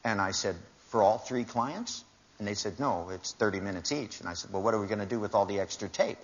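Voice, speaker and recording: A man's voice: on the low side, brisk. An older man giving a seminar talk to a live audience, telling wry anecdotes and acting out the dialogue with shifting voices. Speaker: seminar speaker. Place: large hall with audience. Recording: dull lo-fi live talk recording.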